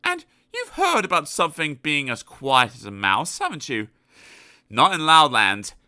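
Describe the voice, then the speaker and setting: Man reading a kids' storybook, bright voice, swoops up and down a lot, takes his time. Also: on the high side, moderate pace, no echo, studio quality. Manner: expressive, animated storytelling. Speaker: audiobook narrator.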